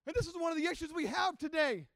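A man preaching a sermon, telling a story with passion and rising to shouts. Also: very high-pitched, animated, fast, no echo. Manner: impassioned storytelling that builds to shouting. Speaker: pastor.

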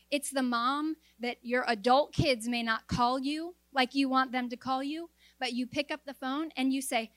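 A middle-aged woman delivers a sermon in a fairly high voice, earnest and exhorting. The sound is dry and close, with no room echo. She slips in quick joking asides between her points. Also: fairly even intonation, fairly bright tone. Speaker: preacher. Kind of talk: sermon to a women's audience.

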